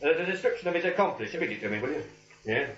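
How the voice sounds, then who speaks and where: A businesslike police lieutenant talks briskly in a fairly high voice. The sound is muffled, like an old radio broadcast. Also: male voice, animated, a bit bright. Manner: brisk and no-nonsense.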